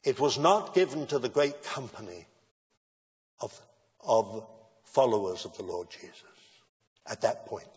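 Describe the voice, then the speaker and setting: A man's voice: medium pitch, big pitch swings, darkish tone, breathy edge. Man preaching in a reverberant hall. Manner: measured preaching, rising to emphatic declarations. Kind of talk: sermon. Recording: dull lo-fi sound with long hall reverb.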